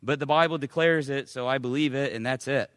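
A man preaching a sermon as pastor, emphatic, swinging from loud preaching to quiet asides. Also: medium pitch, a little fast, dry recording, studio quality, big-room sound.

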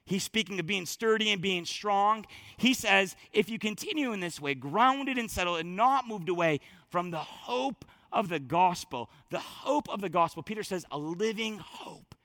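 A male pastor preaching a sermon in church, emphatic, swinging from loud declarations to hushed, near-whispered lines. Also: high voice, lively intonation, moderate pace, no echo.

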